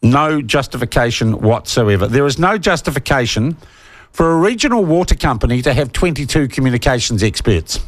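A man's voice: mid-range voice, lively intonation, fairly quick, no echo. A man with a New Zealand accent hosting talkback radio, blunt and combative, hammering his points with repetition. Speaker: talk radio host.

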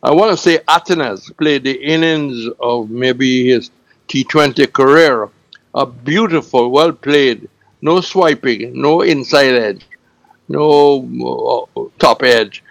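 Man, cricket news presenter, gravelly, dry studio sound. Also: medium pitch, no room sound, poor audio. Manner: halting, repeats scores slowly with many fillers. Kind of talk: radio sports news segment.

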